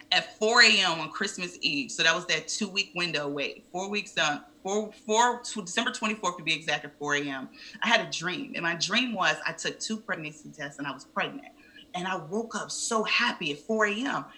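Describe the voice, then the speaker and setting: Woman in her 30s, super bright tense voice, chatty guest, acts out all the quotes. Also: fairly low pitch, low-quality recording. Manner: animated, acts out quoted speech. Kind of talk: casual interview storytelling.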